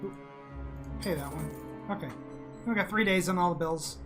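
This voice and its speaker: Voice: mid-range voice, moderate pace. A gamer chatting casually while playing, humming and muttering as they go. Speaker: let's play gamer. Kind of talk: casual gameplay commentary. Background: game music.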